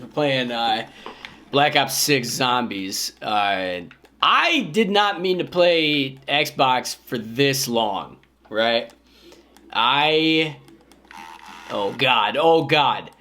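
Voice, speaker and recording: A man in his thirties talking casually to camera in a vlog, rambling and self-mocking with sudden loud outbursts. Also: mid-range voice, animated, slow pace. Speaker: vlogger.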